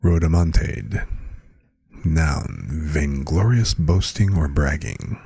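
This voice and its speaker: A man's voice: extremely low pitch, slow pace, creaky, mellow, husky, no room sound. A man streaming live, chatting casually with viewers and reading out words with their definitions.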